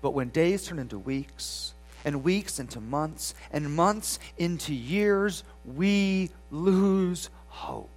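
A preacher delivers a sermon at an unhurried pace, drawing out the words. The voice rises and falls widely, swinging from loud, pleading passages to near whispers, and keeps turning to the congregation with rhetorical questions. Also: mid-range voice, lively intonation, faint music behind. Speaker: pastor.

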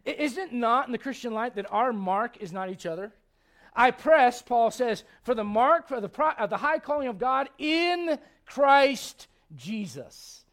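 Male pastor with a very high voice, preaching a lively, emphatic sermon. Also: unhurried. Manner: emphatic, conversational, acts out quotes and asides, frequent restarts.

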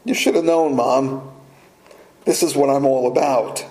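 A man's voice: mid-range voice, steady tone, measured pace, darkish tone, natural voice. A man voicing an exasperated preteen boy who talks back to his mother in disbelief. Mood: incredulous. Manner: incredulous, emphatic. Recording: echoey room.

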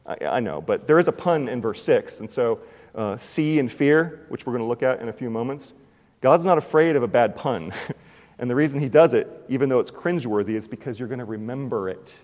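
A male pastor delivering a sermon with lively storytelling, jumping in and out of scenes and playing with puns. His mid-pitched voice carries through a large hall with a long reverb tail. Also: fairly quick. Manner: animated storytelling, acting out scenes.

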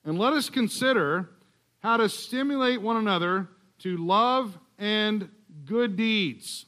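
A man with a high voice preaches a sermon in a church. He speaks conversationally, mixing scripture reading with joking asides. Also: takes it slowly, bright, forceful tone. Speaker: guest preacher.

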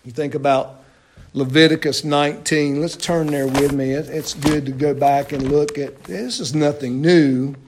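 A man preaching a sermon, asking his listeners loud questions and dropping to low, hushed lines. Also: fairly even intonation, normal speed, slight background noise.

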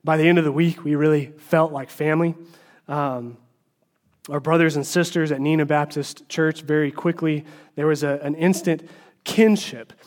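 Male preacher, higher register, chatty teaching sermon, lots of ums and restarts, emphatic asides. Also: steady tone, normal speed, a little mellow. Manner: informal, with frequent fillers and restarts. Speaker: preacher teaching a Bible study. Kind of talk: conversational sermon.

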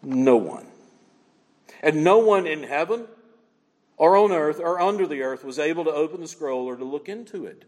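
A man preaches with a high, lively voice that swoops up and down as he presses his points with repeated questions. His words ring out with a long reverb, as if filling a big church hall. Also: moderate pace. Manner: animated, emphatic preaching with repeated rhetorical questions. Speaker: pastor. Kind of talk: sermon.

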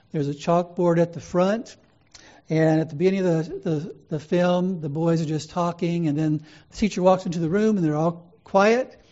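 A male preacher delivers a sermon in earnest, storytelling fashion, pausing in measured beats. His voice sits fairly high for a man, with a warm, mellow color. The recording sounds slightly muffled and dull.

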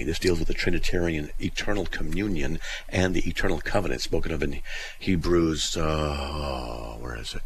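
A man's voice: a bass voice, a little hiss or hum. A middle-aged man hosting a call-in radio show, chatty and rambling with many fillers and restarts.

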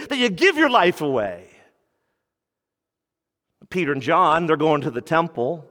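A man preaching a radio sermon, emphatic, dropping low for key points and rising when he quotes. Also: fairly bright tone, long reverb tail. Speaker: pastor.

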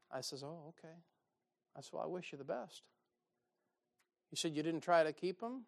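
A man's voice: a little high, expressive, normal speed, vocal fry, long pauses. A man preaching a sermon, telling folksy stories with dry sarcasm. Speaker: pastor.

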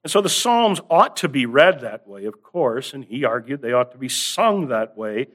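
A man with a mid-range, slightly bright and very animated voice preaches a sermon, teaching earnestly. He builds emphasis on key phrases through rising stress and drawn-out words.

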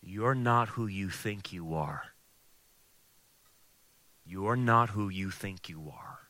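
A man voicing the devil as a low, hushed, taunting whisperer of doubt. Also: slow pace, dry recording, full character voice. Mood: whispering.

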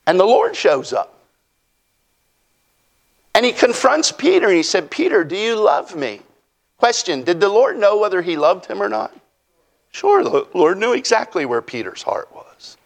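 High-voiced folksy preacher. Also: male voice, huge pitch swings, normal speed, gravelly, long pauses. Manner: folksy, preaching with acted-out quotes. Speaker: pastor. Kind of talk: sermon.

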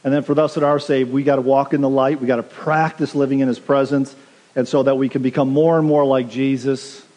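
A man's voice: medium pitch, level tone, brisk, darkish tone. A pastor preaching a sermon, earnest and direct, urging his listeners plainly. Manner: earnest, direct exhortation with quoted asides. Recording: long reverb of a large hall.

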